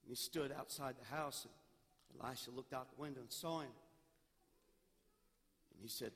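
A senior pastor preaching a sermon, moving from loud pleading to quiet storytelling. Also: male voice, medium pitch, moderate pace, long pauses, breathy edge. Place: church sanctuary. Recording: long church reverb.

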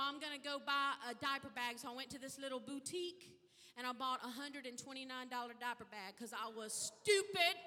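A woman pastor, telling her story in an animated testimony sermon and acting out the dialogue. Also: high voice, slight background noise. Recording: reverberant hall.

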